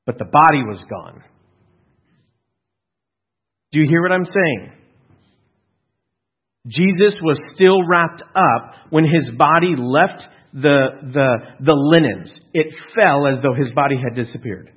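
Man, sermon, earnest and emphatic, husky, dull lo-fi recording. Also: fairly high pitch, a little slow, hardly any pauses. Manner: earnest, emphatic with frequent restarts and rhetorical questions. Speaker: pastor.

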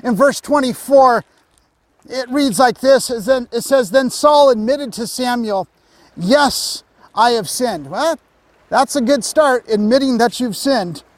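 High voiced pastor guy preaching real slow, reading scripture out. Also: no echo. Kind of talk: sermon.

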